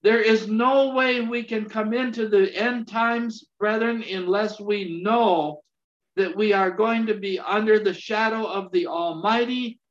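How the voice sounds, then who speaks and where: A man preaching in a high voice, his delivery slow and halting, full of restarts and amens. The recording sounds dull and lo-fi. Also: steady tone. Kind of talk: sermon.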